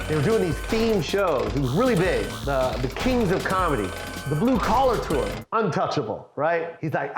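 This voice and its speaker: A middle-aged man, a stand-up comedian, telling a comic story in an animated, swearing way and acting out every voice. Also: high-pitched, moderate pace. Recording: roomy echo with faint music.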